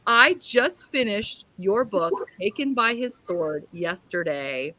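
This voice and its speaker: A woman's voice: mid-range voice, lively intonation, slow, bright, forceful tone, no room sound. A woman hosting a live book chat, bubbly and gushing, laughing often. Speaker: book channel host. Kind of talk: live-stream casual chat.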